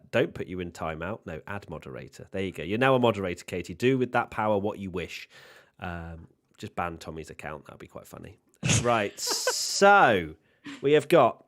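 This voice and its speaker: A British man hosting a casual livestream watchalong, upbeat and jokey as he reads out viewer comments. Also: low-pitched.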